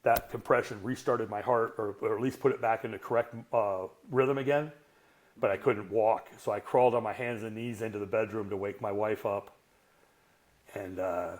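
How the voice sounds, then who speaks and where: A man's voice: on the low side, steady tone, normal speed. A man in his sixties, a strength coach on a podcast, telling a personal story in a blunt, profane, self-mocking way. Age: 60s. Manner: earthy, self-mocking humor. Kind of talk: candid conversational storytelling.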